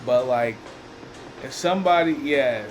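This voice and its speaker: A man's voice: mid-range voice, unhurried. A young man hosting a reaction video who cuts in with laid-back, slangy remarks and advice. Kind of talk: casual reaction commentary. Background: music.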